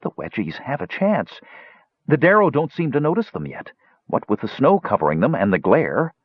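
A man voicing a calm, watchful woman companion in a fantasy audiobook. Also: medium pitch, moderate pace, slightly rough, no echo, lo-fi sound, pitched above the performer's own voice.

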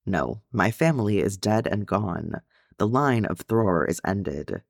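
A man's voice: lowish voice, animated, slow, gravelly, no echo, clean studio sound, full character voice. A man voicing a bitter, grieving old dwarf woman in a storybook reading, speaking coldly and curtly.

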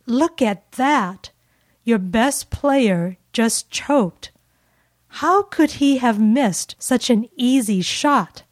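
A woman playing a teasing, smug woman in a slow, clearly spoken dialogue for English learners. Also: fairly high pitch, animated, dry recording, studio quality, heavily acted. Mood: taunting. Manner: playful, taunting, slow and clear.

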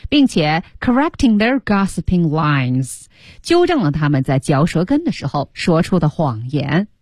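Lively, husky woman teaching on radio. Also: sits low, moderate pace, no room sound, clean studio sound. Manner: translates line by line, lively and coaxing. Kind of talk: language lesson explaining in Mandarin. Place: broadcast studio.

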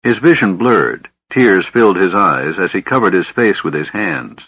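Brief: male audiobook narrator, low husky voice, somber and measured, muffled lo-fi sound. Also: lively intonation, dry recording. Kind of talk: scripted narration. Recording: dull lo-fi audiobook recording.

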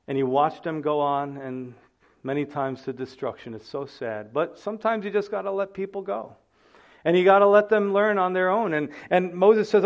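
A man's voice: fairly high pitch, moderate pace, lo-fi sound. A man preaching a sermon as pastor, earnest, acting out the people in the text.

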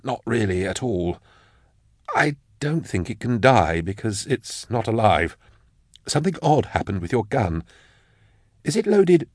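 Male narrator reading an awkward, rattled scholar; halting, hushed, trying to stay calm. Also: on the low side, no echo, studio quality, voice pushed up. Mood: flustered. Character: nervous bookish man, awkward and rattled. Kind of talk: audiobook character voice.

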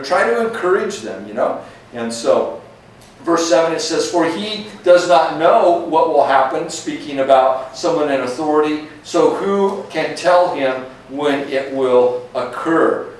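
A male pastor teaching through scripture in a relaxed, conversational way, often pausing to ask "right?" or "okay?". His slightly raised voice carries through an echoey sanctuary and is picked up from some distance away. Faint background noise sits under the speech. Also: on the high side. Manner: conversational, frequent "okay?" and "right?" check-ins. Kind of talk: verse-by-verse sermon.

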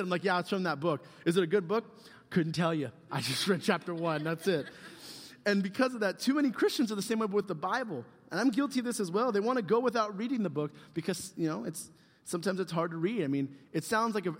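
A man giving a casual, humorous youth sermon, rambling and joking with lots of fillers. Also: fairly high pitch. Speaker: youth pastor. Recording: long hall reverb.

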